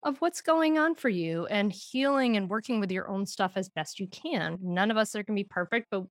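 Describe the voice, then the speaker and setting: A woman's voice: mid-range voice, animated, normal speed, no room sound, clean studio sound. A woman talking about parenting as a podcast guest. She tells stories with animation and laughs often. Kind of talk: podcast conversation.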